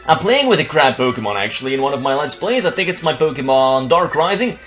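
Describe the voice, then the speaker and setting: A young man, not an English speaker, talks through a video game in loose, crude let's play commentary. His voice sits a touch high and jumps around lively, with faint music playing behind him. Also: quick pace. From Belgium. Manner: casual, crude and rambling, with many restarts.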